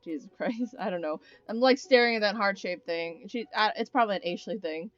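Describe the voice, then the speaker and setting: A woman's voice: mid-range voice, a little fast, dry recording. A woman doing let's play commentary, reading the game text aloud dramatically with sardonic, swearing asides. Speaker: let's player. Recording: slightly dull recording, faint music.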